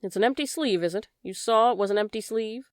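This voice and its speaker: A woman's voice: on the high side, brisk, dry recording, studio quality, close to an everyday voice. A woman voicing a menacing bandaged stranger. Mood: suspicious. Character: menacing bandaged stranger, man, curt and suspicious. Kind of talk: audiobook character voice.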